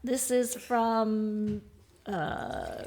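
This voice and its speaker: A woman's voice: a little high, flat delivery, very slow, background noise. A woman on a wine panel, hesitant and playful in casual chat.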